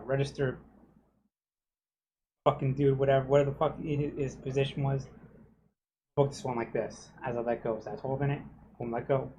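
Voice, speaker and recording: A man's voice: mid-range voice, warm tone, slight background noise. Man venting profanely on a stream. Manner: profane, heated, keeps asking "you know what I'm saying?". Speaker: game streamer. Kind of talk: casual rant while streaming gameplay.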